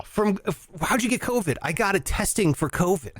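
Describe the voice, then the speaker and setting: A man hosting a casual chat show, telling an animated story with lots of laughter and acted-out voices. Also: sits high, moderate pace, few pauses, no room sound, studio quality. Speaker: podcast host.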